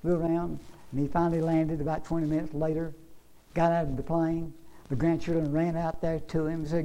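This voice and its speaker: A man preaches in a high, ringing voice. He swings from loud, emphatic bursts to soft, murmured asides, and his delivery keeps rising and falling. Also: steady tone, a little fast, poor audio. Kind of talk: sermon.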